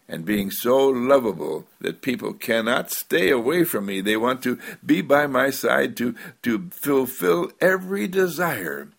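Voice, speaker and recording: Gravelly lively-voiced male spiritual speaker. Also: medium pitch. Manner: slow drawn-out emphasis, playful asides. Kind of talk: inspirational spiritual talk.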